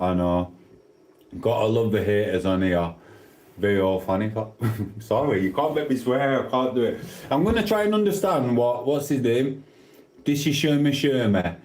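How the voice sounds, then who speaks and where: A man's voice: on the low side, a little mellow. A man chatting casually on a live stream, reading out viewer comments while he eats. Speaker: livestreamer. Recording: echoey room.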